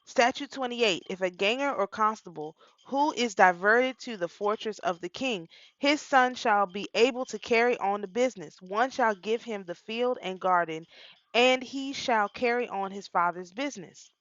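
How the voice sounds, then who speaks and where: A woman's voice: a little high, moderate pace, a bit bright, dry recording. A woman, reading statutes aloud and breaking off into emotional asides. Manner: reads statutes then reacts with emotional asides. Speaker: reader and commentator. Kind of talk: reading a law code aloud with commentary. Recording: dry, dull lo-fi sound.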